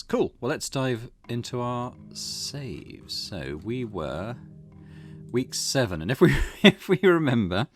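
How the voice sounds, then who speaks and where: A man hosting a let's play at home, thinking aloud in a relaxed way with many fillers. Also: lowish voice. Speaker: gaming channel host. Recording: game music behind.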